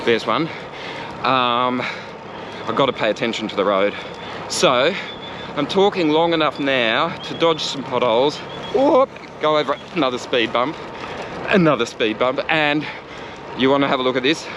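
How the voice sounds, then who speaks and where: A man's voice: medium pitch, moderate pace, pauses often, noisy background. A man with an Australian accent talking casually while cycling outdoors before dawn, joking and swearing now and then as he vlogs. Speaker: cycling vlogger. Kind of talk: casual vlog commentary while riding. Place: riding a bike outdoors on roads before dawn.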